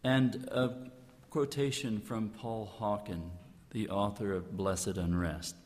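Male guest speaker, earnest and emphatic, lowish voice, long hall reverb. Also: fairly even intonation, a little mellow. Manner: earnest, emphatic, with slow stressed phrases. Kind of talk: inspirational talk.

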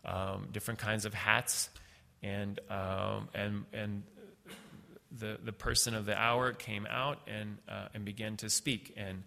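A middle-aged man tells a personal story, stopping and restarting often with lots of fillers. His fairly low voice is gravelly and bright. The recording carries a long hall reverb. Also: level tone, slight background noise. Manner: halting, many fillers and restarts.

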